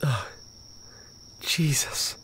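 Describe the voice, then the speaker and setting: A man's voice: drawn-out words, fairly bright tone, slight background noise. A man streaming a horror game, reacting with jumpy outbursts and constant swearing. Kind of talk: horror game let's play commentary.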